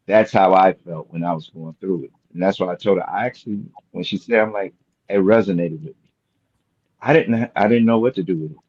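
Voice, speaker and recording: Middle-aged male guest, reflective and sincere, very deep voice, remote call sound that is muffled and dry. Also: a little fast, darkish tone, dry recording. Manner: earnest, reflective storytelling. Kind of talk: casual chat. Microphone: remote video call. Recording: dull lo-fi call audio, dry.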